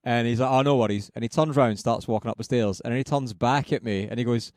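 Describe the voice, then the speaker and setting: A man's voice: mid-range voice, fast talker, dry recording. Man, Scottish accent, podcast co-host, casual storyteller, dry close sound. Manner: lively storyteller, laughs often, swears casually. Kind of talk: casual chat.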